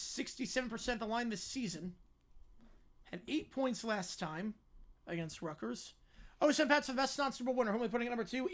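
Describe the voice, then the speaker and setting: Calling a basketball game play by play, a livestream host talks fast in a mid-range voice, fielding chat along the way and raising the volume when big plays happen.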